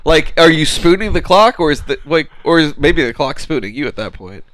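A man co-hosting a comedy podcast, chatting and telling rambling stories with quick jokes. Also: fairly high pitch, big pitch swings, a bit bright, no echo. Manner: joking, rambling storyteller with quick asides. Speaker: podcast co-host. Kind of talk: casual comedic chat.

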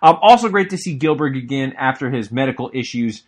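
A man's voice: medium pitch, expressive, brisk, slightly rough. A young adult man co-hosting a podcast, giving an enthusiastic, rambling wrestling recap with lots of fillers and restarts. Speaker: podcast co-host. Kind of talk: casual wrestling recap monologue.

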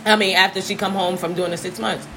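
A woman in a casual talk, telling stories in an animated, blunt way and swearing freely. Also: mid-range voice, fast talker, low-quality recording. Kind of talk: casual chat, storytelling. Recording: faint background noise.

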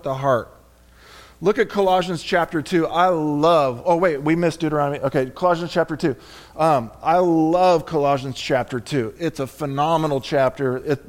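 Male pastor, fairly high voice, emphatic sermon delivery with repeated phrases and offhand asides. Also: a little mellow.

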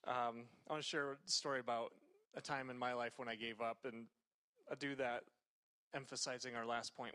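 Bright-voiced man telling a sermon story. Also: medium pitch, level tone, normal speed, clean tone. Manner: conversational, with many fillers and restarts.

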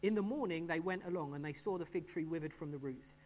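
A man's voice: fairly high pitch, fast talker, a little mellow, a little hiss or hum. A middle-aged man preaching a sermon as pastor, talking in a conversational way and often restarting his phrases.

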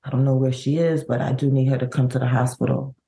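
A middle-aged woman, a bereaved mother, telling her story in an interview, with halting, vivid recounting and many restarts. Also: very deep voice, little pitch movement, warm tone. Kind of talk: emotional personal storytelling.

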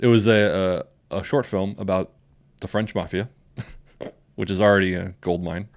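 A man's voice: sits low, steady tone, moderate pace. Rambling, laughing young man telling stories. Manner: rambling storyteller, laughs often. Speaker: podcast co-host. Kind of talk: casual chat.

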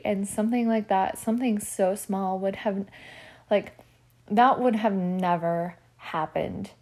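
A young woman telling a personal story in a vlog, chatty and animated, with "like" in nearly every sentence. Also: medium pitch. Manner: chatty, fills speech with "like"; animated and emotional while retelling. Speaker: vlogger.

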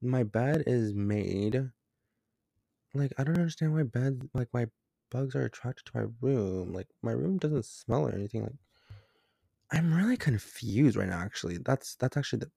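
A man's voice: mid-range voice, lively intonation, moderate pace, gravelly, dark tone, breathy edge, dry recording, studio quality. A young man hosting a casual solo podcast from his bedroom late at night, rambling and jumpy with lots of fillers, scared and tired. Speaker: podcast host. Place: bedroom at home.

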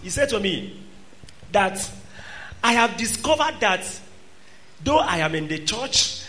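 A man preaching a sermon, swinging between loud exhortation and quiet asides. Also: high-pitched, very animated, slow.

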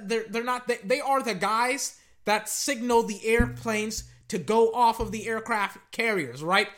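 A man sits at home with a desk microphone, talking through a football game as it plays. His voice is bright and sharp, and he rants, gets worked up and swears casually at the players. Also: sits high. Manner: animated, ranting, swears casually. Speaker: sports commentator. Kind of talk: casual live game commentary. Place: home living room.

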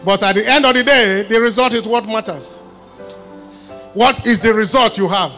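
High, bright-voiced male pastor preaching. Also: normal speed, faint music behind. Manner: emphatic preaching with call-and-response questions; laughs and jokes between points. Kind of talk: sermon. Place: church service.

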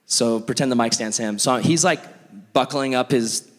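Young male youth pastor, animated, self-mocking storyteller, mid-pitched voice, long hall reverb. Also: moderate pace. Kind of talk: storytelling sermon.

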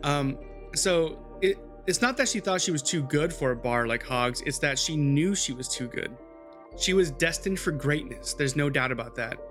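A man's voice: a little high, expressive, normal speed, fairly bright tone, soft background music. A man hosting a podcast, telling a true-crime story in a loose, chatty way with swearing and asides to his co-host.

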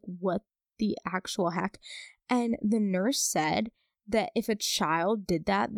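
A young woman hosts a casual storytime podcast, reading out listener stories and reacting to them. Her voice carries a noticeable gravelly fry, and she leans hard on the gross or scary details for effect. The sound is close and dry, with no room around it. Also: medium pitch, no room sound. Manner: chatty and expressive, dramatic emphasis on gross details. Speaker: podcast host.

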